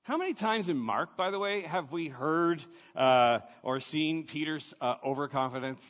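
A male pastor delivers an unhurried, conversational sermon, pressing his points with rhetorical questions. His voice carries a long reverb, as if it fills a large hall. The recording itself is a little dull. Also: medium pitch, fairly bright tone.

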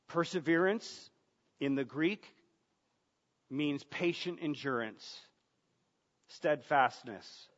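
A man's voice: a little high, fairly bright tone. A man preaching a sermon as pastor, earnest, asking rhetorical questions and repeating words as he goes. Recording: dull sound, long reverb of a large room.

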